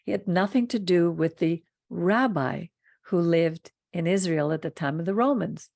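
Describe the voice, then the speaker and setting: Lady host talking torah, earnest and emphatic, low voice. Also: moderate pace, creaky, darkish tone, no room sound, clean studio sound. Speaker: host of a Torah study program. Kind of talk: teaching talk and closing blessing.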